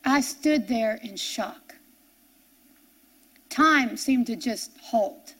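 This middle-aged woman preacher has a fairly high, fairly bright voice with a slight roughness. Her sermon testimony is earnest, told with faltering restarts, and grows into impassioned preaching.

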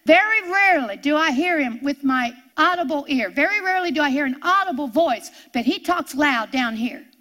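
A woman's voice: high-pitched, animated, normal speed, hardly any pauses, fairly bright tone. A woman preaching a sermon, emphatic and repeating her points for force.

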